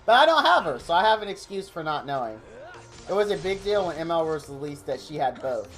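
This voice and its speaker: Give your excitable streamer commentary to chat, with faint game music behind. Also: male voice, on the high side, fairly quick. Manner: excitable, rambling, thanks chatters by name. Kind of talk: live game stream, chatting with viewers.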